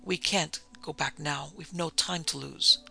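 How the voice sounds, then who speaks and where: A man's voice: a little high, steady tone, unhurried, gravelly, sharp tone, faint music behind, heavily acted. A man voicing a stern colonel who speaks in a terse, urgent whisper.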